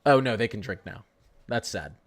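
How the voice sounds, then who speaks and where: A man's voice: on the low side, lively intonation, normal speed. A young man hosting a live severe-weather stream, chatting casually and teasing his viewers. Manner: joking, talks to chat, frequent laughs. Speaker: livestream weather host.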